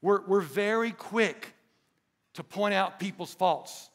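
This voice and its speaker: A man's voice: high-pitched, slow pace, fairly bright tone. A man preaching a sermon as pastor of his church, emphatic, with call-and-response asides to the congregation. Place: church sanctuary.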